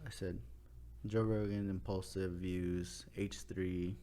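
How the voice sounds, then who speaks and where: A young man talking casually as a podcast guest, telling a story in an animated, profane way. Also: low voice, slow, a little hiss or hum. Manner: animated, profane, quotes people in funny voices.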